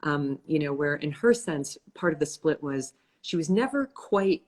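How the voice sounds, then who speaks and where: A woman's voice: sits low, expressive, normal speed, a little mellow. A woman hosting a casual live video conversation, talking thoughtfully and reflectively. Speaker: host. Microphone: live video call.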